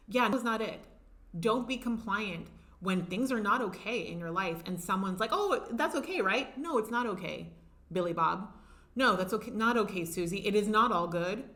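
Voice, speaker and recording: A woman's voice: mid-range voice, bright, forceful tone. A middle-aged woman, a life coach and retreat leader, giving an emphatic motivational talk to camera and leaning hard on key words. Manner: emphatic, punchy, stretches key words for stress.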